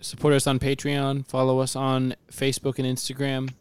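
A man co-hosting a casual podcast, animated and quick to joke and laugh. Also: medium pitch, clean tone. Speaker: podcast co-host.

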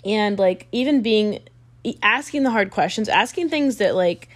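A woman's voice: medium pitch, lively intonation, normal speed. A woman host in a casual, reflective faith conversation with a guest. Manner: chatty, reflective. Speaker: podcast host.

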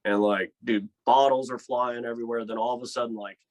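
A man from Georgia, a touring musician telling a wild road story in casual chat, profane and animated, acting out quotes. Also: mid-range voice, a little fast. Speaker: touring band musician, guest.

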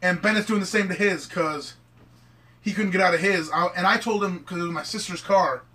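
High, bright young man swearing through a story. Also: fairly quick. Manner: swears heavily, rambling and excitable. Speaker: storyteller among friends. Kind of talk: casual podcast chat. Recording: mic at a distance.

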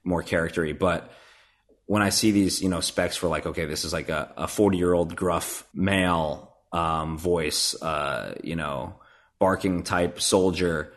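Guy with a really low voice, voice actor chatting in an interview, earnest, keeps restarting his sentences. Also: measured pace, a bit bright. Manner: earnest, thinks aloud with many restarts. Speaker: voice actor guest. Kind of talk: casual interview chat.

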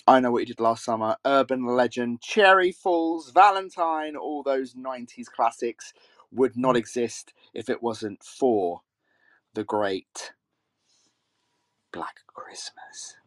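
A man's voice: medium pitch, measured pace, dry recording. Chatty man hosting a podcast. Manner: chatty, rambling, self-correcting. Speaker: podcast host. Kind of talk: casual solo podcast chat.

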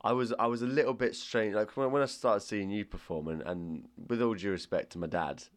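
A man's voice: lowish voice, fairly quick. A man hosting a casual chat, eager and encouraging toward his guest. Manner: enthusiastic interviewer who eggs the guest on. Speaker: host.

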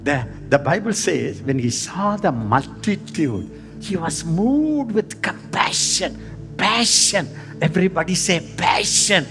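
A man with an Indian English accent preaching a sermon, emphatic and dramatic, swinging between loud and hushed. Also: expressive, a little slow. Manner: emphatic, dramatic shifts in pitch and volume. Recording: long hall reverb with faint music.

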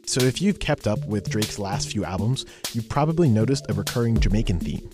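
A man reading scripted documentary narration in a measured, explanatory way. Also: on the low side, lively intonation. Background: music bed.

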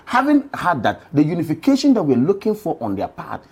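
A panelist arguing a party position emphatically, repeating key phrases. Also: brisk. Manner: emphatic, repeats phrases, lively swings in pitch. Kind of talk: political panel discussion.

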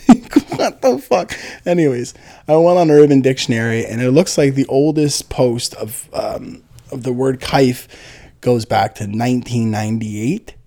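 A man's voice: medium pitch, moderate pace, dark tone. A man, telling a rambling, profane comedic story full of fillers and restarts. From Niagara, Ontario, Canada. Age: 30s.

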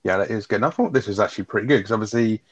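A man's voice: on the low side, slightly rough, highs cut off. A man co-hosting a casual film review, rambling, swearing and laughing as he talks. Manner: fast, rambling, swears often, laughs a lot. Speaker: podcast co-host.

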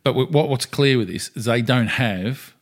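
A man's voice: mid-range voice, moderate pace. Rambling man chatting. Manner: rambling, jokey, trails off and restarts. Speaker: podcast co-host. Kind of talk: casual chat.

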